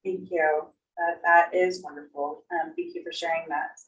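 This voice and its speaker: A woman's voice: sits low, fairly even intonation, moderate pace, soft background music. Woman host asking questions, polite, lots of ums, kind of far from the mic. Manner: polite, hesitant with fillers. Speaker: webinar host. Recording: distant from the mic.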